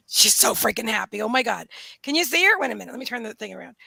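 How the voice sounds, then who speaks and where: Gravelly, bright, excitable woman host. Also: on the high side, racing, no room sound. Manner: gushing and excitable, talks to her dogs. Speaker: host of a live psychic reading stream. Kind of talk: casual livestream chat. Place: room at home, indoors. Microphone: camera setup lit by a ring light.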